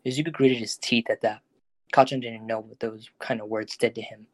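Even-toned male storyteller. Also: mid-range voice, a little fast, no room sound. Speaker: narrator. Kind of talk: scripted narration of a fan audio drama.

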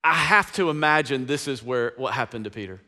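A man's voice: medium pitch, brisk, sharp tone. A male pastor preaching a sermon in a casual, slangy, conversational way with frequent asides to the congregation.

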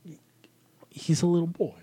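Husky man cracking dry jokes. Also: fairly high pitch, flat delivery, fairly quick, dark tone. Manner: dry jokey asides, summarizing plot. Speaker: podcast co-host. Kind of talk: casual chat about a TV show.

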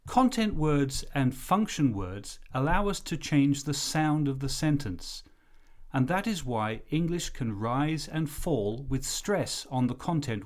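A man teaching an English lesson, explaining things slowly and carefully. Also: mid-range voice. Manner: slow, careful explanatory delivery. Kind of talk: recorded lesson narration.

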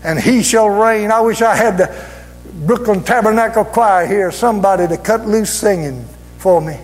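A man preaching a sermon fervently, drawing out key words and rising to shouts. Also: high voice, normal speed. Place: church sanctuary. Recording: reverberant church hall with music.

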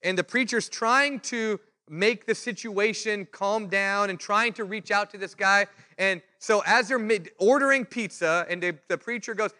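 A man's voice: high-pitched, normal speed, hardly any pauses. A male preacher giving a sermon, telling stories and acting out the people in them. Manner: animated storytelling, acts out quoted voices.

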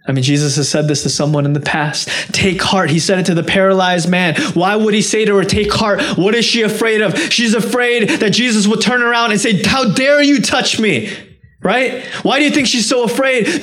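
Here a man preaches as a pastor, direct and earnest in tone. His sermon surges to impassioned peaks, then drops quiet and low whenever he quotes.

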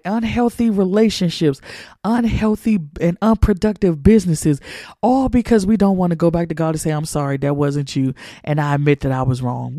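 High-voiced man preaching in a dry room. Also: warm tone, no echo. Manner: emphatic, colloquial, repetitive street-preacher cadence. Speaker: podcast host. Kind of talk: preaching monologue.

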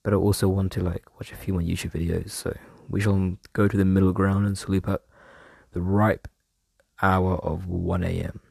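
Husky, gravelly young man rambling. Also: deep voice, flat delivery, brisk, dark tone, no room sound, clean studio sound. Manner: rambling, trails off, self-mocking slang. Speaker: podcast host. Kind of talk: casual rambling monologue. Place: room at home.

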